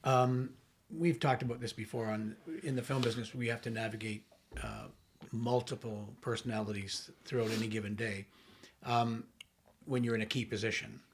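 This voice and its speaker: A man's voice: medium pitch, steady tone, moderate pace, a little hiss or hum. A man with an Ontario Canadian accent hosting a podcast, musing aloud and asking questions with fillers. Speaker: podcast host. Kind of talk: podcast interview conversation.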